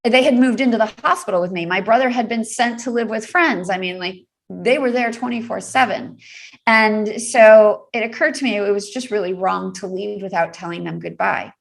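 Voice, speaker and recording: Being interviewed on a podcast, a trauma recovery specialist earnestly shares a personal story, using many fillers and laughing often. Her mid-range voice is creaky and moderately paced.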